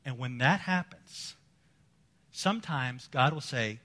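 A male pastor preaching a sermon, swinging between loud emphasis and hushed low passages. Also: normal speed, long reverb tail.

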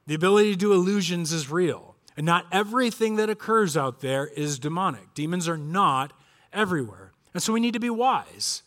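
High-voiced man preaching a lively sermon. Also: a little fast. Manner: animated storytelling with quoted voices. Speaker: pastor. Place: church.

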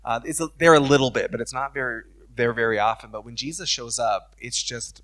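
Man pastor, mid-pitched voice, conversational preaching, affirming interviewer at a church service. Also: brisk, few pauses, fairly bright tone.

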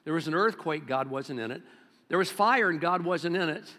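A man in his seventies preaching a sermon as pastor, swinging between loud exclamations and hushed low-key talk. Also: expressive, moderate pace. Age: 70s. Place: church sanctuary. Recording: long reverb of a church hall.

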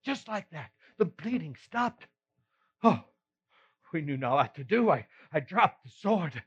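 Playing the apostle Peter as an earnest adult man full of self-reproach, this speaker delivers a heavily acted, sing-song monologue in a husky voice on the high side. He takes his time recounting his failings in the first person, with sighs and rueful laughter, and the mood stays remorseful. The recording sounds slightly muffled.

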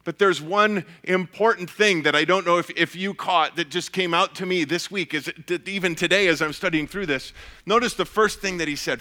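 A pastor giving an earnest, measured sermon, often restarting his phrases. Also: a little high, bright, forceful tone.

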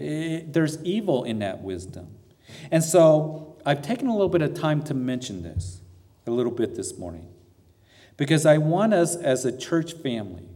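A man's voice: medium pitch, mellow, in a large hall. A man preaching a sermon as pastor, earnest and asking the congregation rhetorical questions.

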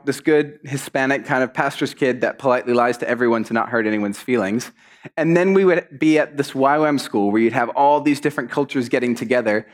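A man giving a conversational sermon, telling stories in an animated way and acting out what people said. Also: a little high. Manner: storytelling, animated, acts out quotes. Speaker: preacher.

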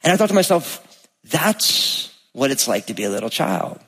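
A pastor in his thirties preaches to his church in a loose, conversational way, full of asides and restarts. His voice sits at a middle pitch, and it carries a long hall reverb from the sanctuary. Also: very animated, normal speed, a bit bright, husky. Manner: conversational, storytelling, many fillers and restarts; builds to raised, emphatic preaching. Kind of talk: sermon with personal stories.

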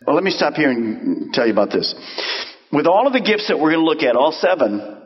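A man preaching a sermon as pastor, animated and acting out quoted voices. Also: on the high side, fast talker, lo-fi sound.

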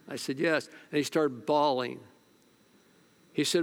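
A male pastor preaching a sermon at a church service, telling stories, sometimes hushed and sometimes loud. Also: a little high, measured pace.

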